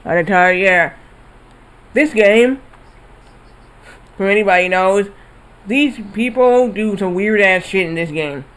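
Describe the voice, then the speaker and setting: A man's voice: sits high, slow, long pauses, clean tone, low-quality recording. A man streaming a video game, telling a rambling story with casual swearing. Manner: rambling, animated retelling with swearing. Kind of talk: casual storytelling while gaming.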